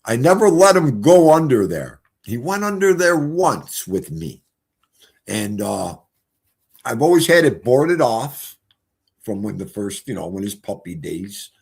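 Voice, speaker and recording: A man's voice: medium pitch, very animated, a little slow, vocal fry, a little mellow, breathy edge. A man, live-streaming and chatting casually in a rambling, folksy storytelling way.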